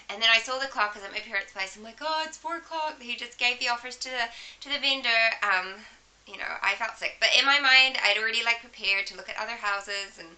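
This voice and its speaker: A woman's voice: a little high, steady tone, fast talker, bright, forceful tone, low-quality recording. A woman with a New Zealand accent, sniffly and congested from a head cold, chatting to camera and telling a story in a casual vlog. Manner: chatty storytelling with asides, coughs and throat clearing. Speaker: vlogger.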